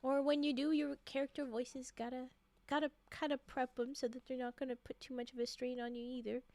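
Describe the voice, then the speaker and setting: A woman streamer chatting casually with her viewers, soft-spoken and rambling, with lots of fillers and laughs. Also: sits high, dry recording. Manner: soft-spoken, drifting into quiet murmurs.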